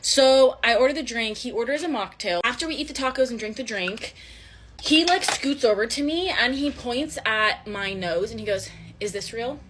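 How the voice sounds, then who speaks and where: A young woman casually telling a first date story, chatty and animated, acting out the dialogue. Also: fairly high pitch, normal speed, slight background noise.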